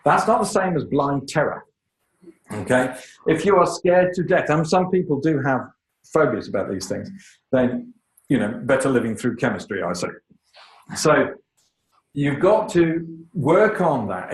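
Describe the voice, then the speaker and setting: A man giving a lively, emphatic lecture on public speaking, with joking asides to the audience. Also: medium pitch, reverberant, low-quality recording. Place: lecture room.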